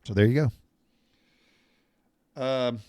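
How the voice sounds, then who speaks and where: A man's voice: medium pitch, slow pace, a little mellow, dry recording. Older guy rambling through stories, folksy and a bit salty, dry close sound. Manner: folksy, rambling, with mild cussing. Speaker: storyteller sharing memories. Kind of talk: casual storytelling monologue.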